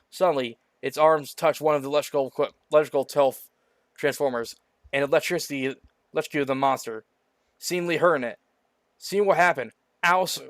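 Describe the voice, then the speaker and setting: A man's voice: medium pitch, no echo. Stumbling man reading a story aloud. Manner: stumbling over words, frequent restarts. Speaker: story reader. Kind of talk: casual read-aloud of a homemade story.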